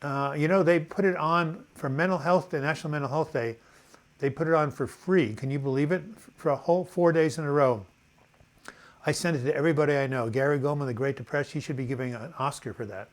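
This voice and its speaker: A man's voice: on the high side, fast. An older man hosting a casual live video chat, reading out viewer comments in a loose, rambling way with many fillers.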